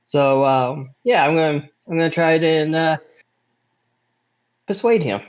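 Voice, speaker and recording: A man playing a tabletop game, explaining his moves with pauses and restarts. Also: a little high, clean tone, dull audio. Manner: hesitant, with fillers and restarts. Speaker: player. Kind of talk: casual tabletop game play.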